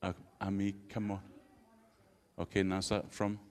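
A man's voice: sits low, monotone, moderate pace. A man, a pastor giving an interactive sermon and bantering playfully with his congregation.

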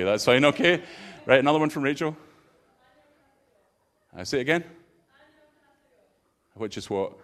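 Pastor guy joking around with the congregation, mid-pitched voice. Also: fairly bright tone. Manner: playful, bantering with the congregation. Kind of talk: interactive sermon.

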